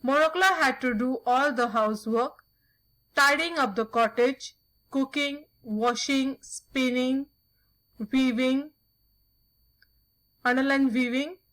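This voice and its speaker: Woman teacher reading a story aloud to a class, high voice, slow and careful pace. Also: fairly bright tone, low-quality recording.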